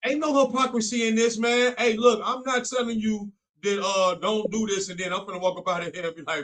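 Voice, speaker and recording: A young man co-hosts a faith talk show and preaches on scripture fervently, colloquially, and repetitively, in a Bible study style. He has a high voice with a fairly bright tone and speaks fairly quickly.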